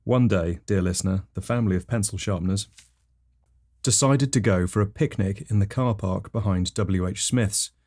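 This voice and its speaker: A man with a fairly low voice tells surreal comic stories on a podcast. His delivery is deadpan and rambling, and he plainly states ridiculous things as if they were facts. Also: moderate pace. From England. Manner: rambling, matter-of-fact delivery with self-corrections. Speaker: comedy podcast host. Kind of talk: deadpan absurd storytelling.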